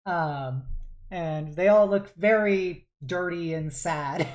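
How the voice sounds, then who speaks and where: A game master narrates a tabletop scene, pausing often on fillers. The delivery is casual and hesitant. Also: medium pitch.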